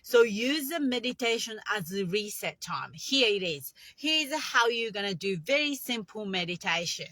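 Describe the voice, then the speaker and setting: Female meditation coach, bright dry voice, chatty and instructional, English. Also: medium pitch, animated, moderate pace, few pauses, dry recording. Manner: chatty, non-native English phrasing, guiding breaths. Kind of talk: casual instructional talk.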